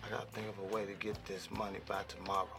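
A man's voice: lowish voice, level tone, fast, close to an everyday voice. An actor playing a frantic young man short on money, indignant and defensive. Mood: worried.

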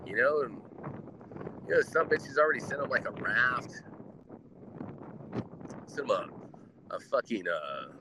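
Low guy swearing nonstop on his live show, lots of wind noise. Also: lively intonation, moderate pace, pauses often. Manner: heavily profane, rambling, laughs often. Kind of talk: rambling live talk show. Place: outdoors in the wind.

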